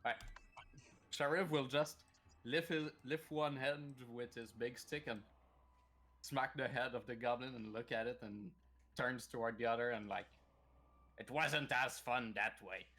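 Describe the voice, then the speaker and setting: A man playing in a tabletop game, describing his character's moves in a halting, stumbling way. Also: mid-range voice, steady tone, fairly bright tone. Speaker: player.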